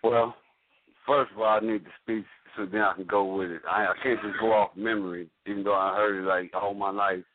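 Halting male caller on a phone line. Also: fairly low pitch, fairly even intonation, slight background noise. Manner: halting, stumbles and restarts while arguing. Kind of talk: heated call-in radio debate. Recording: dry, tinny phone-line audio.

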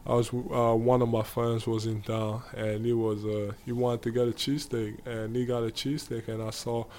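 A man with an African accent, answering interview questions casually and pausing often to find his words. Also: mid-range voice, flat delivery, a little mellow, slight background noise. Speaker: guest basketball player.

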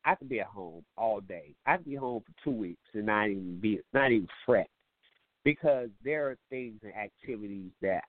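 A man's voice: mid-range voice, dry recording. Profane joking man on a phone line. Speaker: show host. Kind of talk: comedic call-in show monologue. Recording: tinny phone-like line, dry.

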